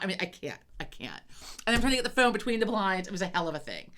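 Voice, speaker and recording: A woman co-hosting a podcast, telling a story in casual chat, animated and swearing freely. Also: mid-range voice, fast, slight background noise. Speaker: podcast co-host.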